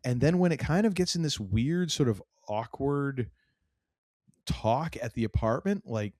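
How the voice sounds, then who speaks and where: Recapping a TV show with casual enthusiasm, a podcast co-host acts out lines and laughs often. His mid-range, darkish voice has lively intonation and an unhurried pace, in clean studio sound free of room sound.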